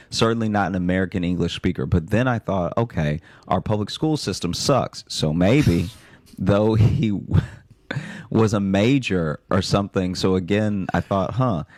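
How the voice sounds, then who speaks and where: A man's voice: deep voice, darkish tone, dry recording. A man reading listener stories aloud on a comedy podcast, dry with bursts of laughter. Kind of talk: comic podcast chat.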